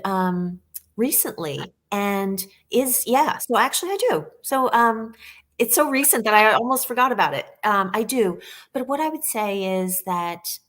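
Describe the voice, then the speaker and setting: A woman's voice: medium pitch, fairly bright tone. A woman author as a guest on a live video chat, talking earnestly with many fillers and telling stories with animation.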